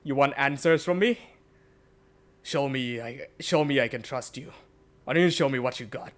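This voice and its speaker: A man's voice: medium pitch, normal speed, fairly bright tone, lightly acted. A man voicing a cunning, commanding male tavern boss in a tabletop game. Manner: commanding, testing.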